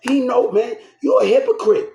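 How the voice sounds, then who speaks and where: A man's voice: very high voice, normal speed, creaky, warm tone, reverberant. An upset man ranting to the camera, agitated and repeating himself, shaken and swearing. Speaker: vlogger. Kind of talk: angry rant to camera.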